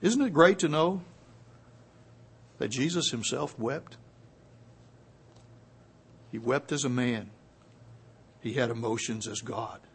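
A man preaching a sermon, moving from quiet, hushed passages up to loud, emphatic peaks, and slowing down to stress key words. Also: medium pitch, animated, slightly rough.

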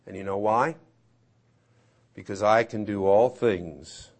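A man preaching a sermon, swinging from loud emphatic peaks to hushed asides. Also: on the low side, takes it slowly, pauses often. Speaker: pastor.

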